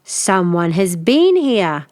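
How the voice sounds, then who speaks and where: A woman voicing a big, gruff father bear who growls his words slowly in a storybook reading. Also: on the low side, big pitch swings, darkish tone, no room sound, clean studio sound. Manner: slow growling delivery.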